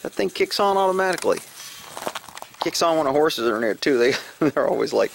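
Chatty vlogger man outdoors, laughs a lot, pitch swings wide when he scolds his animals. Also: expressive, moderate pace, vocal fry. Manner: chatty, laughs often, scolds pets in a high sing-song voice. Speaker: horse and pet owner vlogger. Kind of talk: casual vlog chat.

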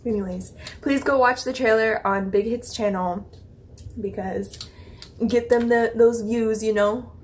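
A young woman with a fairly high voice talks straight to her viewers in a loose, rambling way. She gushes, swears and laughs, piling up fillers and restarts as the excitement spills over. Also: a little slow, a little hiss or hum. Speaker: reaction video host. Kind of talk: excited casual reaction chat.

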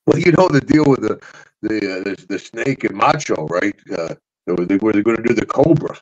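A man's voice: on the low side, normal speed. An older man hosting a podcast, spinning wrestling stories in casual chat, laughing often and acting out the voices. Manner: animated yarn-spinner, laughs through stories, acts out voices. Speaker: podcast host, former pro wrestler. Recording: dull lo-fi audio.

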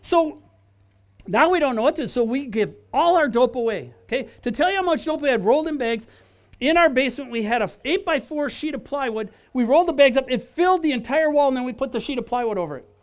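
A middle-aged man giving a lively, conversational personal testimony to a church crowd. He keeps checking in with "right?" and acts out the voices in his stories. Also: very high voice, fast. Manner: animated, conversational, acts out quotes, frequent "right?". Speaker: guest speaker giving testimony. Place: outdoor church service in a park.

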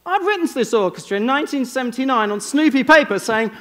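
Wry English man, conference talk, a little high-pitched, reverberant stage sound. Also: sing-song, fast, few pauses, fairly bright tone. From England. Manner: wry, self-deprecating storytelling. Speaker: conference speaker. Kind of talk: keynote talk. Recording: long reverb of a large hall.

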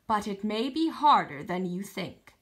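A woman reading a storybook aloud, voicing a majestic male lion king in a slow, grave, lowered voice. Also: big pitch swings, fairly bright tone. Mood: solemn. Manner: slow, grave, deep-toned delivery.

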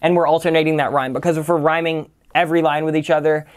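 Talking fast in a slightly high, smooth voice, a man gives a casual songwriting tutorial. His delivery is relaxed and loose, peppered with "kind of" and "like."

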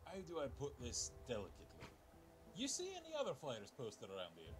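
A man's voice: medium pitch, wildly swooping pitch, brisk, over music. An actor playing a wry male bartender and self-styled adventurer in a video game, telling tall tales in a dry voice. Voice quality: dry, wry storyteller delivery. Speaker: bartender applicant.

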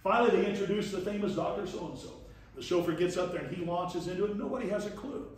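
A man's voice: high voice, fast. A man teaching a leadership lesson as a pastor, telling stories in a folksy, chuckling way and acting out the dialogue. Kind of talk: storytelling sermon lesson. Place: church hall. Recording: echoey distant church room recording.

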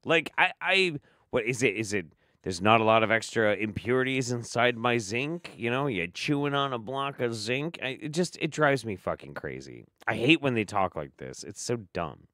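A man hosting a sarcastic commentary show, reacting to clips with profane mockery and sudden loud outbursts. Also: medium pitch, very animated, normal speed, dry recording, studio quality. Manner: profane, mocking, swings between muttering and loud outbursts.

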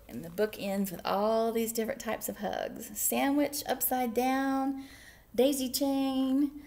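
Slow, sing-song storytime librarian. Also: female voice, fairly high pitch, creaky, slight background noise. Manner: animated, sing-song, drops to whispers. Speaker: children's librarian. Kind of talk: storytime read-aloud.

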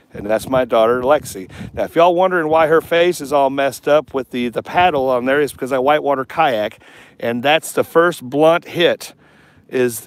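A man's voice: mid-range voice, rough recording. A man chatting casually during an outdoor live stream, folksy and often laughing. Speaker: vlogger livestreaming a search. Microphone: action camera.

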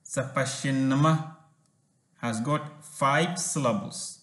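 Slow man teaching syllables, echoey room. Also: mid-range voice. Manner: sounds out syllables one by one. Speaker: language teacher. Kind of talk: slow reading lesson.

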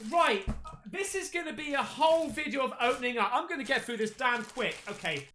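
A man hosting an excited unboxing chat, excitable, with loud exclamations, calling everyone mate. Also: very high-pitched, fairly quick, a little hiss or hum. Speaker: paranormal YouTuber.

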